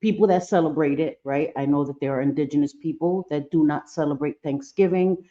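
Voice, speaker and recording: A woman's voice: low-pitched, brisk, warm tone. A woman hosting a casual livestream, chatting and greeting her viewers by name. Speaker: livestream host. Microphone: computer mic on a livestream. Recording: dull lo-fi stream audio.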